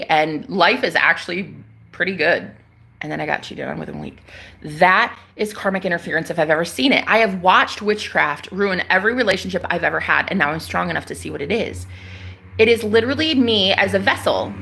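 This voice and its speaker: A woman's voice: lowish voice, gravelly, a bit bright, slight background noise. A young woman talking to her followers as a psychic vlogger, emphatic and slangy, swearing freely as she preaches about spiritual matters. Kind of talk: casual spiritual vlog monologue.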